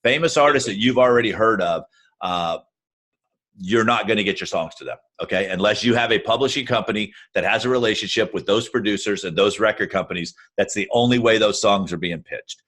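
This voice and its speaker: Blunt low-voiced man giving music-business advice. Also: fairly quick, a bit bright. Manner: blunt, direct, matter-of-fact. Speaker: guest music-industry adviser. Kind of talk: casual advice in a Q&A.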